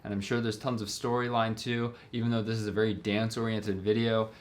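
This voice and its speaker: A man's voice: fairly low pitch, level tone, a little fast. A young man giving casual reaction commentary as a filmmaker, rambling enthusiastically with lots of fillers, his voice a bit worn from talking. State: slightly worn voice from long talking. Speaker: filmmaker reacting to music videos.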